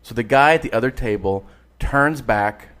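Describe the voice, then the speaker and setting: A man's voice: medium pitch, normal speed. A man co-hosting a podcast, telling a story in casual chat, swearing freely and laughing often. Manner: animated anecdote teller, swears, laughs often. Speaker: podcast co-host.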